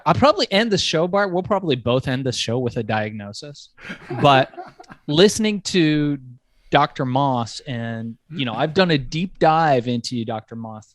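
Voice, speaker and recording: A man hosting a podcast interview, telling stories in an animated, emphatic way. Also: mid-range voice, no room sound. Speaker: podcast host.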